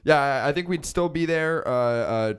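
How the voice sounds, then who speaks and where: A man's voice: a little high, moderate pace, clean tone. A man co-hosting a podcast in casual chat, teasing, swearing and laughing a lot. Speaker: podcast co-host.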